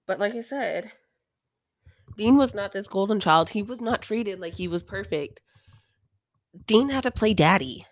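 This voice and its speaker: A woman's voice: medium pitch, animated, a little slow, pauses often, dry recording, clean studio sound. A young woman hosting a podcast, casually recapping a TV episode in a chatty, irreverent way, swearing freely and sighing now and then. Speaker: podcast host.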